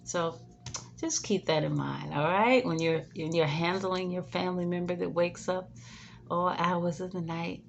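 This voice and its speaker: A woman caregiver giving casual advice, chatty, tagging her sentences with "right?" and "okay?", sometimes dropping to a soothing hush. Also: on the low side, gravelly, highs cut off. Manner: soothing, drops to a hush when modeling calm words. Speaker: in-home caregiver. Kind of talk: casual advice talk to camera.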